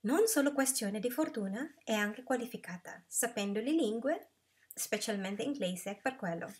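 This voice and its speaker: A woman voicing a calm, polite young office worker who answers patiently but firmly. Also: on the high side, moderate pace, natural voice. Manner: patient, kind replies.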